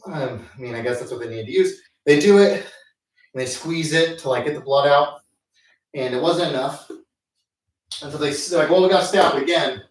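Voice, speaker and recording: A man's voice: on the high side, normal speed, long pauses. A man telling a rambling, self-mocking story with many fillers, chatting casually between sets at the gym. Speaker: host. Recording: echoey room, mic at a distance.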